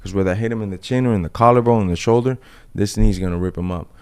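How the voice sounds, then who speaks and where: A brash man with a low, gravelly voice tells a fight story as a podcast guest. He is profane and animated. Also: very fast.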